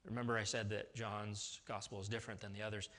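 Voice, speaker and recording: Bright-voiced man preaching conversationally. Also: lowish voice, little pitch movement, quick pace. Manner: conversational, with restarts and sudden emphatic rises. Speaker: pastor. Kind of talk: sermon.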